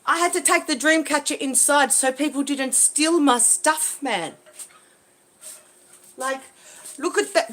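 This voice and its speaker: High-voiced woman ranting on a phone livestream. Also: unhurried, long pauses. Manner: angry, swearing, swings between loud outbursts and low mutters. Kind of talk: agitated livestream rant. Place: outdoor backyard by a fence. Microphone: handheld phone.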